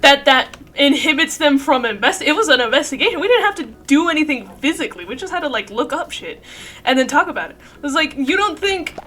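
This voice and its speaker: A woman's voice: high-pitched, sing-song, quick pace, fairly bright tone. A woman streamer rambling in casual chat while playing a game, swearing freely and laughing often.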